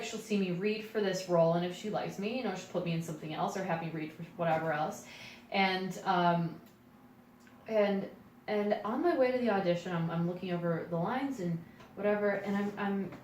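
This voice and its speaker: A young adult woman, a podcast co-host and actress, telling a casual story in a self-deprecating, animated way and laughing often. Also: fairly low pitch. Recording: echoey room, voice far from mic, faint noise.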